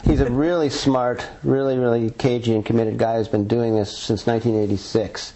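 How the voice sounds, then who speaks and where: Earnest rambling man, dark voice. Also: medium pitch, fairly even intonation, moderate pace, rough recording. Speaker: author and Sasquatch researcher. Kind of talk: conversational interview.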